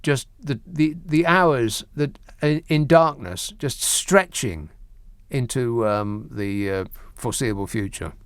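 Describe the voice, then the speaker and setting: A man's voice: medium pitch, slow pace, clear, resonant tone, no room sound. A middle-aged man talks on late-night radio in a dry, close studio sound. His wry, rambling asides build into mock-indignant grumbles, broken up by stammered restarts. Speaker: radio talk show host. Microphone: studio microphone.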